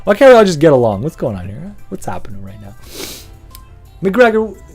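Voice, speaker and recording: A man's voice: fairly high pitch, huge pitch swings, fairly quick, darkish tone, slightly rough, soft background music. A man hosting a podcast, rambling through a profane, casual rant and laughing often. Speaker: podcast host.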